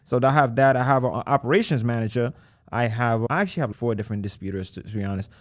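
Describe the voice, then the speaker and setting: A fast, punchy man telling his story as a podcast guest, animated and emphatic, with lots of slang. His voice sits in a middle pitch, and the sound is close and dead dry with no room in it. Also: no echo. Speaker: credit repair business owner, guest. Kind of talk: casual podcast conversation.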